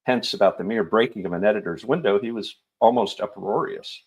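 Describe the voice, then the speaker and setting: Husky-voiced man reading a novel aloud. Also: on the low side, brisk.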